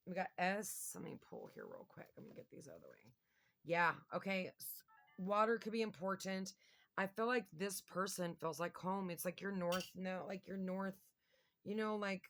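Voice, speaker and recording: A woman's voice: mid-range voice, sing-song, moderate pace, vocal fry, a bit bright, slight background noise. A woman giving a casual tarot reading to her viewers, chatty and thinking aloud with lots of fillers. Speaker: tarot reader.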